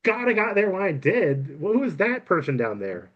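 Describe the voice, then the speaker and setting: Man doing a coy young woman in disguise, pitched well up, slightly muffled lo-fi sound. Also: big pitch swings, moderate pace. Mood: breezy. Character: secretive young woman in trench coat and mask.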